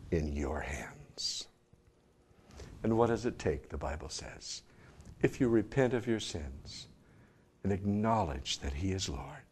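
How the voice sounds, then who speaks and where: A man preaching a sermon and leading prayer, dropping to a hush and then rising loud to coax the congregation. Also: low-pitched. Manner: swings from hushed to loud, coaxing the congregation. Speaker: pastor. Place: church service in front of a congregation.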